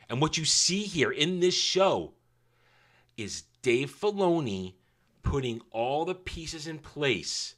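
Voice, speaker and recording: A male reviewer talking through an episode in a loose, opinionated style. His voice is bright and forceful, and his delivery is sarcastic and mocking. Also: medium pitch. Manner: sarcastic and scornful, with mocking asides. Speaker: show reviewer.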